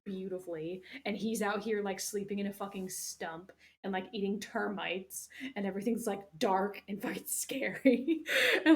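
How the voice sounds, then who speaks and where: A woman's voice: mid-range voice, a little slow. Young woman host rambling thru a movie recap, swears a lot, tons of fillers. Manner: rambling, profane, heavy with fillers.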